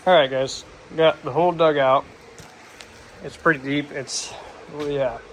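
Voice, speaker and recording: A man's voice: a little high, steady tone, unhurried, noisy background. A man narrating his own shop project in casual talk, unsure and thinking aloud as he goes, a bit out of breath from the work. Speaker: DIY vlogger. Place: shop or garage.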